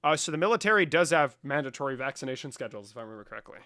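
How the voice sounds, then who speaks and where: A man's voice: mid-range voice, animated, rapid-fire, bright, forceful tone, dry recording. A young man from Mexico streaming from his room, talking casually to his chat, swearing, mocking and breaking into laughter. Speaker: livestreamer.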